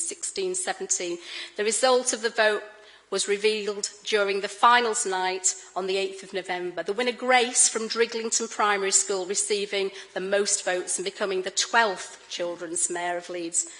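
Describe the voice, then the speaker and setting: Middle-aged woman speaking in a council chamber, warm storytelling, bit of wry humour, formal speech. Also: medium pitch, steady tone, normal speed, low-quality recording. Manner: warm, anecdotal, gently humorous. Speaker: incoming Lord Mayor.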